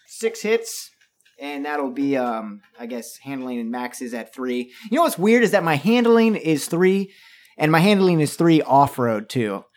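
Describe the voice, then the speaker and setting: A man's voice: a little high, a little slow. A man playing a tabletop game, describing his character's antics in a joking, playful way. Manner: playful, joking, lively delivery. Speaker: player.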